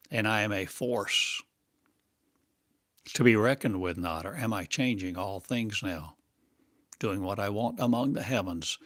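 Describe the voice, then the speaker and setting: A man as a spiritual teacher, delivering a channeled monologue in slow, halting, cryptic phrases. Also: lowish voice, a bit bright, no room sound, studio quality. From United States.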